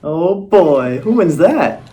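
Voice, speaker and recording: A man playing an eager studio executive in a comedy sketch, excitable and quick to jump to conclusions. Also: on the high side. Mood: curious. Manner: excitable, gushing, jumps to conclusions.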